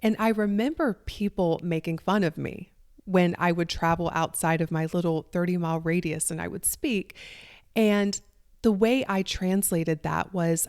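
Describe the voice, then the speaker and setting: A woman's voice: lowish voice, normal speed, dry recording, studio quality. Earnest Southern woman podcast host. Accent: Southern US country. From Southern United States. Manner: warm, earnest, conversational. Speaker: podcast host, life coach. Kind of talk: solo podcast monologue.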